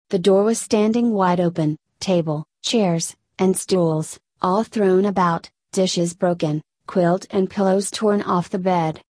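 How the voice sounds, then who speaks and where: A woman reading a classic fairy tale aloud in an even, unhurried storybook manner. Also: on the low side, no room sound.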